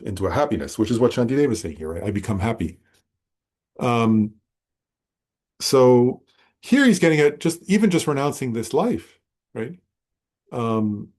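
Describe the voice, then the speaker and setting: Husky man giving a casual dharma talk. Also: on the low side, darkish tone. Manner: conversational, self-correcting, frequent "right?". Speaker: Buddhist teacher. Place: meditation center class.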